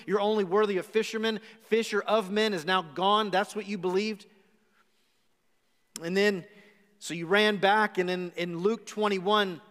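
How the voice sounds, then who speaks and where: High-voiced male pastor preaching in reverb. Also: fairly bright tone. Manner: dramatic storytelling, speaking directly to the listener. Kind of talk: live sermon. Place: church sanctuary. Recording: live church recording with long reverb.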